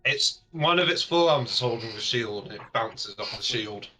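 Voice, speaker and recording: Male GM, bright tone, casual joking delivery. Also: medium pitch, lively intonation, moderate pace. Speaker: game master. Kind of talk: narrating a tabletop game.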